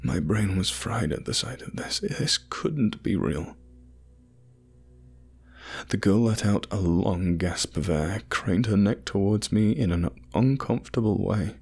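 A man narrating a scripted first-person horror story in a measured, grim way. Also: lowish voice, lively intonation, creaky, darkish tone, breathy edge.

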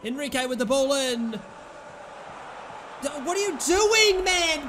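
Young British man, gameplay commentator, very high voice, exasperated and shouty. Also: lively intonation, unhurried, pauses often, noisy background. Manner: exasperated, yells at his players and the referee. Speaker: gaming YouTuber.

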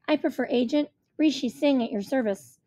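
A woman's voice: sits high, fairly quick, mellow, voice pushed up, lightly acted. A woman voicing a self-assured schoolboy who talks like a business agent, with eager salesman patter, in a storybook reading. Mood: confident. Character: confident fast-talking schoolboy who acts like an agent.

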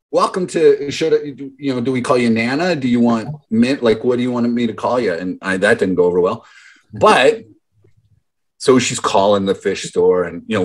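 A man's voice: medium pitch, normal speed. A man in his thirties, a business mentor, telling stories in a motivational talk to a group call and acting out the voices of the people he quotes. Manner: storytelling, acts out quoted voices.

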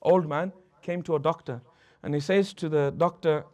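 A man's voice: a little high, steady tone, moderate pace, darkish tone. A man teaching a religious lesson who tells stories, acts out the anecdotes and mixes Arabic phrases into his English. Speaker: Islamic teacher.

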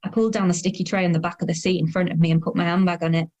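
In first-person audio drama narration, an actress plays a weary, self-conscious woman of 32 who is quietly sardonic, giving her a dry inner voice. She speaks in a racing, steady tone on the low side, a little mellow and close to her everyday voice.

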